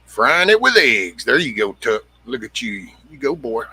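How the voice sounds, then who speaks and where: A man's voice: medium pitch, sing-song, moderate pace, sharp tone, slightly rough. A middle-aged man hosting a casual livestream, rambling bluntly, swearing freely and greeting viewers by name. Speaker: livestream host. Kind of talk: casual livestream chat reading comments.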